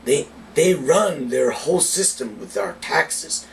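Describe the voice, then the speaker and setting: A man with a fairly high, lively voice speaks slowly as he rants heatedly about politics, swearing plenty in his casual cigar-review vlog. Faint background noise accompanies the distant mic recording.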